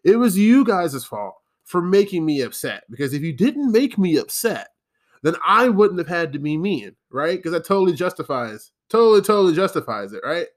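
A man's voice: sits high, very animated, moderate pace. A man hosting a casual solo podcast, rambling sarcastically, with plenty of fillers and repeated words. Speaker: podcast host.

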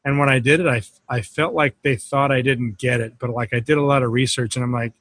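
A man co-hosting a podcast in casual chat, jumping in with quick agreeing remarks. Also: medium pitch, fairly even intonation, fairly bright tone, husky, no room sound. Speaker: podcast co-host.

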